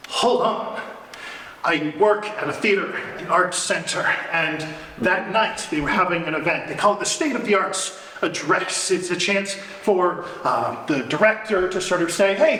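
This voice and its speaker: A man performing a one-man storytelling show live on stage, acting out the people he quotes and swinging between loud and soft. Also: high voice. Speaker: solo storyteller. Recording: echoey hall, slight room noise.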